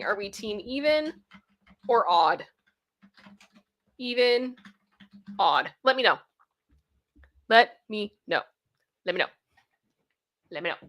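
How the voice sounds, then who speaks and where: A woman's voice: mid-range voice, lively intonation, a little slow, long pauses, a bit bright. A young woman hosting a casual livestream, chatty and repeating herself as she thanks viewers by name. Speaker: livestream host.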